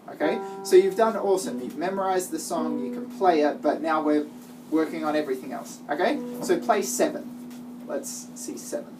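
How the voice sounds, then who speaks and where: Low-voiced woman teaching guitar, encouraging. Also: normal speed. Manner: encouraging, praising and giving step-by-step instructions. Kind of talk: one-on-one music lesson. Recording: distant mic with guitar playing.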